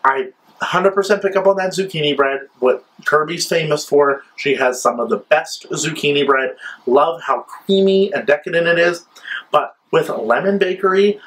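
A man's voice: on the high side, a bit bright, poor audio. A man chatting enthusiastically as he reviews scented wax melts in a casual vlog, gushing over each scent. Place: his new apartment.

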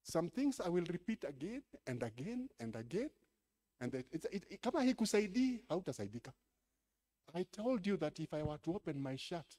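A Kenyan man preaching a sermon as pastor, switching between English and Swahili, dropping low to tell a story and then rising to loud exclamations. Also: big pitch swings, a little fast.

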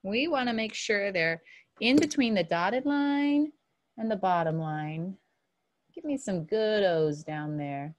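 A woman's voice: fairly high pitch, big pitch swings. Sing-song kindergarten teacher, woman. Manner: cheerful, sing-song, sounding out letters slowly. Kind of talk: online lesson for young children.

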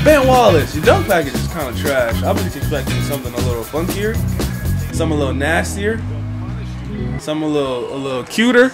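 A young man commentating his own basketball video game play, swinging between frustrated grumbling and excited outbursts. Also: fairly high pitch, brisk, over loud music. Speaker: gaming YouTuber. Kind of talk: live gameplay commentary.

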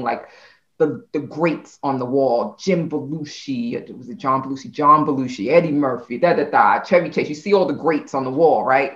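A woman, a company CEO, telling a story in a casual interview, animated and laughing often. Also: sits low, highs cut off.

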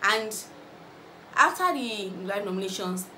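A woman's voice: medium pitch, measured pace, a little hiss or hum. A young Nigerian woman with a Nigerian accent, recapping a reality show in a casual, gossipy vlog and acting out what others said. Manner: animated gossipy storytelling, acting out others' lines. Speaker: vlogger. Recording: roomy echo with faint ambience.

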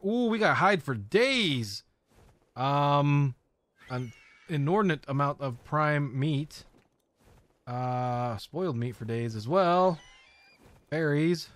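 Chatty gamer dude, gets super excited and squeaky, dry close mic. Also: male voice, dry recording. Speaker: game streamer. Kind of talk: casual gameplay commentary.

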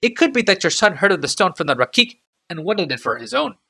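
A man voicing an anxious, deferential male servant in an audiobook reading, his voice pushed high and strained. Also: very animated, fast talker, gravelly, bright, forceful tone, exaggerated voice. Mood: nervous.

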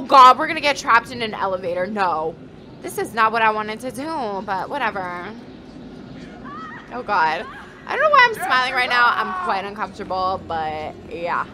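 A woman's voice: mid-range voice, noisy background. A young woman doing let's play commentary, crude and jokey, yelping when scared. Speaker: gaming YouTuber. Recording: game music behind.

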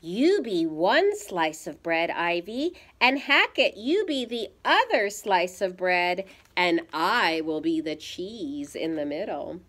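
A woman voicing a gentle, amused mother talking lovingly to her young children in a storybook read-aloud. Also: on the low side, very animated, slow, few pauses, full character voice. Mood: fond.

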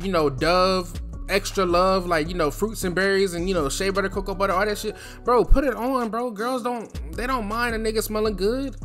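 Slangy young man, higher voice. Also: fairly bright tone. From New Jersey. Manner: slangy, loose and chatty, full of fillers; speaks from the throat on purpose. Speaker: vlogger giving advice. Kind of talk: casual advice monologue.

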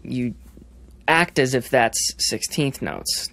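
Gravelly young man explaining rhythms. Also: mid-range voice, fairly even intonation, normal speed, a bit bright. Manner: explains by singing rhythms, many fillers and restarts. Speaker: drummer guest. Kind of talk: podcast interview, explaining rhythm.

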